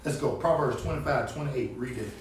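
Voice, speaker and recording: A man preaching on the street, fiery and emphatic, swinging between loud and low. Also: brisk. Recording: echoey, distant outdoor recording with faint background noise.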